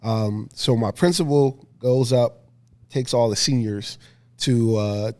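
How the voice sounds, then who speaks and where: A man in his thirties from Philadelphia, a podcast guest telling a story in a lively, laughing way. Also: medium pitch, slow. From Philadelphia, USA. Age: 30s. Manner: lively, laughing storyteller who acts out scenes. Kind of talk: casual storytelling interview.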